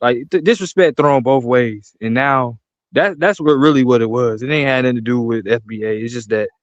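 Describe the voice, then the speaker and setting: A man on a podcast panel who calmly disputes the host's account. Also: medium pitch, a little fast, no room sound, dull audio. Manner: laid-back, disputing, laughs. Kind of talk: casual debate.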